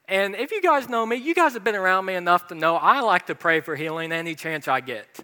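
Male pastor, storytelling sermon, fairly high bright voice, self-mocking humor, long hall echo. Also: lively intonation, brisk, hardly any pauses, clear, resonant tone. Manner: humorous, self-deprecating anecdotes.

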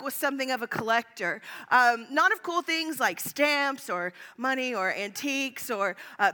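A woman's voice: high voice, sharp tone. A woman pastor in her thirties telling funny personal stories in a sermon, chatty and self-mocking with lots of fillers.

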